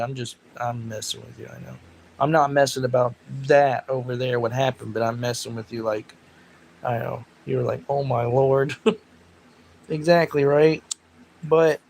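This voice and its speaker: A man chatting casually with viewers on a livestream, telling rambling stories with animated outbursts. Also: medium pitch, normal speed, vocal fry, a little hiss or hum, rough recording. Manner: rambling, animated storytelling with loud laughing outbursts. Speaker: livestream host.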